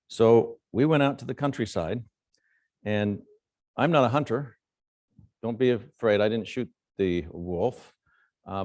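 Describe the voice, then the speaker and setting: A man's voice: on the low side, dry recording, studio quality. A middle-aged man, a surgeon, giving a conference lecture full of anecdotes and frequent fillers. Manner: storytelling, animated quotes, frequent fillers.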